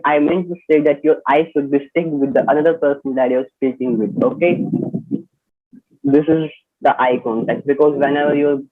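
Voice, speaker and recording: Male instructor on a video call, explanatory, often asks "okay?". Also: a little high. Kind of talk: online personality development class. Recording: tinny phone-like online call audio.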